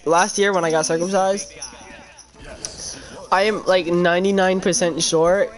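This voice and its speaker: A teenage boy chats with friends on voice chat while gaming, his voice sitting a little high for a guy. He talks loudly and bluntly, laughing his way through stories. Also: little pitch movement, unhurried. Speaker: gaming channel host.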